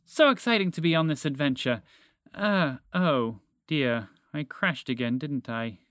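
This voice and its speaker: A man's voice: fairly high pitch, lively intonation, unhurried, fairly bright tone, dry recording, clean studio sound. A man voicing a female spaceship with a mechanical voice, cheerful and apologetic, in a storybook reading. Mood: fretful.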